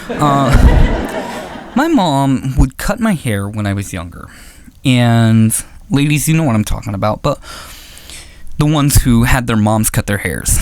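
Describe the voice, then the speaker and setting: A woman's voice: extremely low pitch, dry recording. A woman doing a stand-up comedy set, rambling with lots of "like" and "you know" and laughing at her own jokes. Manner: animated, swooping delivery with acted-out quotes.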